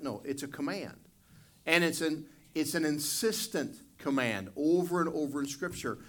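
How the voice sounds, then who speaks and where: A man's voice: lively intonation, measured pace. Earnest man preaching a Sunday school sermon. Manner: earnest preaching that builds louder and higher. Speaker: pastor.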